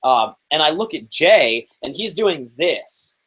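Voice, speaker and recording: A young man in his twenties, a guest on a chat show, telling a story in a lively, animated way, full of fillers and acted-out quotes. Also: a little high, takes it slowly, husky, poor audio. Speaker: interview guest. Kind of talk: casual storytelling.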